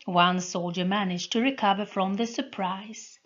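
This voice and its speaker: A woman reading a fantasy novel aloud in a careful, measured way. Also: mid-range voice, steady tone, muffled recording. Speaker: audiobook reader. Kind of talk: storybook reading.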